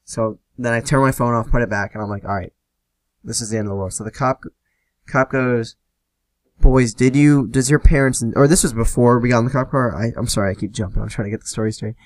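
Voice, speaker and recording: A young man hosting a podcast alone, telling a personal story in a casual, profane, animated way and acting out the other people in it. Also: mid-range voice, fast talker, no echo. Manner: profane, animated retelling with quoted dialogue. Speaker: podcast host.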